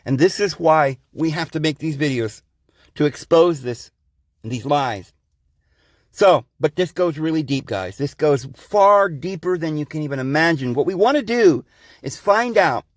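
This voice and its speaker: A man with a high voice hosts a podcast in a rambling, insistent monologue. He keeps addressing the listeners as guys and friends. The recording is close and dry, with no room sound. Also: no echo. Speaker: podcast host. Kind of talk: preachy monologue.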